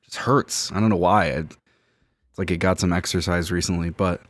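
A man's voice: low voice, fairly even intonation, a little fast. A man in his twenties from Miami, co-hosting a podcast and telling a rambling, self-mocking story in casual chat. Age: 20s. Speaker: podcast co-host.

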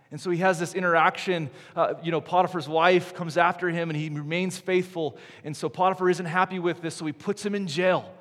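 A man preaching a sermon, animated, swinging between loud emphasis and hushed, slow drops. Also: on the high side. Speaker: pastor. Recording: long hall reverb.

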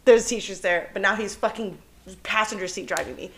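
A young woman co-hosting a podcast, telling a story in casual chat, animated and cursing freely, laughing as she goes. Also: mid-range voice, normal speed. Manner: animated, swears often, laughs through her story. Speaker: podcast co-host.

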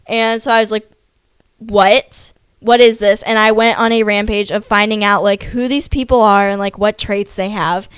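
A woman's voice: medium pitch, a bit bright, clear, resonant tone, dry recording. A young adult woman vlogging in a casual, rambling way, with lots of "like" fillers and self-deprecating asides. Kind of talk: casual chatty vlog.

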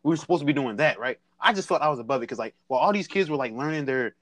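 A man's voice: mid-range voice, lively intonation, very fast, fairly bright tone, no echo. A young man casually telling a rambling, slangy story to friends and acting out the people in it. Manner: slangy, rambling, acts out quotes. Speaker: storyteller in group chat.

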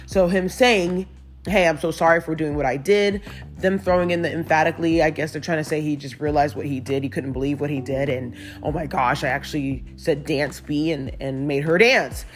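Over faint background music, a talkative woman hosting a celebrity gossip show reads stories aloud in a somewhat low voice and breaks off to share her opinions casually. Her voice is still on the mend after being lost, and she giggles occasionally.

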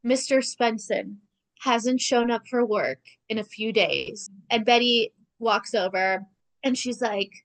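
Chatty young woman with a higher voice. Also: slow pace, poor audio. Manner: chatty, sarcastic, lots of "like". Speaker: podcast co-host recapping a TV episode. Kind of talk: casual chat.

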